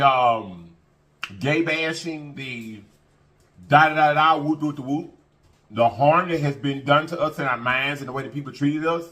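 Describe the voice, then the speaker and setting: A man's voice: a little high, fairly bright tone. A man hosting an eating show, talking earnestly and a little preachily to his viewers, repeating phrases and addressing them as y'all. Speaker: mukbang eating-show host. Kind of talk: casual heartfelt talk to camera.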